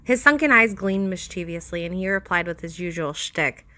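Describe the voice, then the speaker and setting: A woman giving a steady, expressive scripted reading of a horror story. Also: lowish voice, moderate pace.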